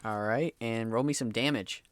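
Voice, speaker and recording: A man's voice: medium pitch, normal speed. A man running a tabletop game as game master, narrating in a casual manner with the odd swear word.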